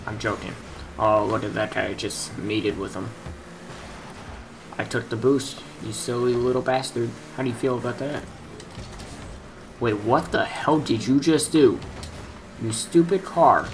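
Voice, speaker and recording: A man's voice: mid-range voice, measured pace, long pauses, noisy background. Frustrated young man swearing at a game. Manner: frustrated, swears a lot, mutters at opponents. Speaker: gaming youtuber. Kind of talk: swearing gameplay commentary.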